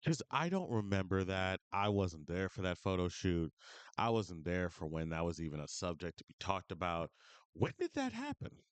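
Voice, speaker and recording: A man's voice: low voice, normal speed, clean tone, dry recording. A man streaming reaction commentary, ranting with profane, berating incredulity into a close mic.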